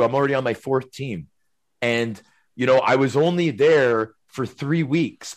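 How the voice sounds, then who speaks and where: A middle-aged man, a former hockey player, telling stories casually as a podcast guest, rambling and animated, tagging his sentences with questions. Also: mid-range voice. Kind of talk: casual storytelling.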